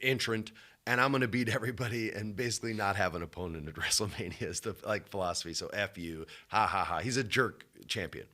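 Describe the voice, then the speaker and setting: A young man co-hosting a podcast, telling a story in casual chat and swinging between loud bursts and low asides. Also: quick pace. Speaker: podcast co-host.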